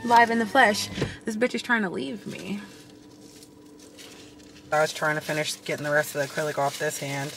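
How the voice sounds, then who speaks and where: A young woman vlogging in a casual, chatty way, blunt and swearing freely, tired and a bit hoarse from losing her voice. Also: sits low, fairly even intonation, moderate pace, long pauses, music in the background. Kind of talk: casual vlog chat.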